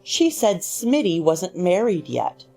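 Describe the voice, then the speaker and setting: A woman's voice: lowish voice, big pitch swings, takes it slowly, vocal fry, mellow, exaggerated voice. A woman reading a husband's lines, a middle-aged man with an irritable, needling way of talking. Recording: faint music underneath.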